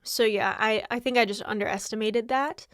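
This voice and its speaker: A woman's voice: on the high side, steady tone, moderate pace, a bit bright, no room sound, studio quality. Tired, candid woman podcaster. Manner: candid, rambling, with frequent laughs. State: exhausted. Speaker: podcast host. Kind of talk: casual solo podcast chat.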